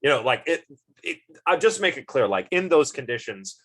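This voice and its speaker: A man's voice: mid-range voice, very animated, normal speed, a bit bright. Man giving a thinking-aloud philosophy lecture. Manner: thinks aloud with everyday examples, asks the class questions. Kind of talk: informal university lecture.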